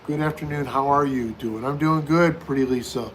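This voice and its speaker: On a casual livestream, a middle-aged man from the United States goes through viewer comments, reading each aloud before answering it. He speaks in a mid-range voice at a moderate pace, with slight noise in the background.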